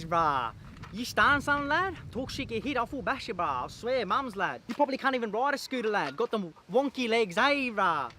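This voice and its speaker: A man's voice: high-pitched, bright, forceful tone, voice pushed up. A man putting on a swaggering Aussie lad, noisy message. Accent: Australian. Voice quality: bogan slang, drawn-out brah. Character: threatening young male lad, swaggering tough.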